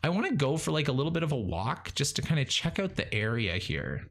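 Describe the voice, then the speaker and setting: A man streaming gameplay live, chatting casually with many fillers and restarts, rising in pitch when excited. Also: brisk, vocal fry.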